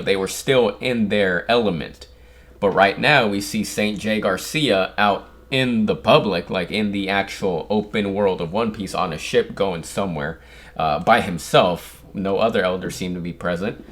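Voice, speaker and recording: A man's voice: on the low side, a bit bright. A young man casually reacting to manga chapters and reading them aloud, with frequent fillers and restarts.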